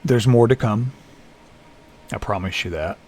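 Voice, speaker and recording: A man talking unscripted to camera alone in a small room, tired and halting, with many restarts and fillers. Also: fairly low pitch, darkish tone. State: lethargic, tired. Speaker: vlogger in recovery. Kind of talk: unscripted personal vlog. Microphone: camera facing speaker.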